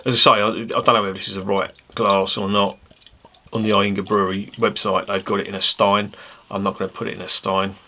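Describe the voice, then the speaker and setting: A man's voice: lowish voice, little pitch movement, brisk, bright, forceful tone. A man, reviewing a beer in a chatty, rambling way with jokey asides. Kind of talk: casual beer review to camera.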